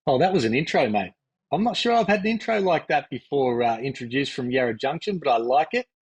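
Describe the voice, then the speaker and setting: A man's voice: medium pitch, lively intonation, a little fast, breathy edge. A man in his fifties from Australia with an Australian accent, a former pro basketball player chatting easily as a podcast guest. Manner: easygoing, reminiscing, frequent fillers. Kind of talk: relaxed interview chat.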